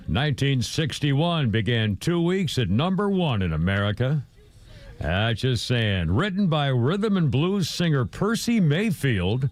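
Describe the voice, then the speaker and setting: A man's voice: medium pitch, very animated, slow pace, soft background music. A male radio host in casual sports talk who rambles, hums, and chuckles between stories. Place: radio studio.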